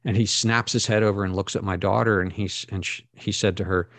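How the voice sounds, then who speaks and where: Deep-voiced man telling stories earnestly. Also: fairly even intonation, quick pace, few pauses, fairly bright tone, dry recording. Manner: earnest, storytelling, rambling asides. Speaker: guest. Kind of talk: casual conversation.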